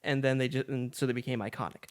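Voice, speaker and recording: A man co-hosting a casual podcast, rambling and joking with quick asides and quoted voices. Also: mid-range voice, fairly even intonation, clean tone. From San Diego area, California. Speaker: podcast co-host. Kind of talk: casual chat.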